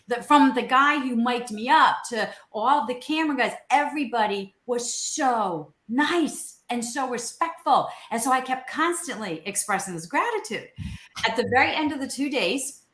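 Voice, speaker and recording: Woman co-host, animated storyteller who acts out dialogue; bright, sharp tone, echoey room. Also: fairly high pitch, normal speed. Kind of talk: casual storytelling. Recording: roomy echo.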